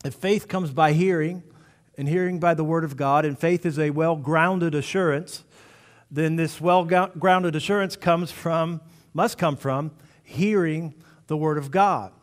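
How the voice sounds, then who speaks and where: High-voiced animated male preacher. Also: unhurried. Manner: animated storytelling with acted-out voices. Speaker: pastor. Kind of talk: sermon.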